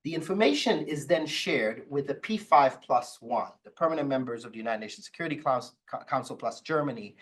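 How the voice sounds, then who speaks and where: Man telling a lively lecture story. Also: mid-range voice, rough recording. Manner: lively storytelling with wry asides. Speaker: law professor. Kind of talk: academic lecture.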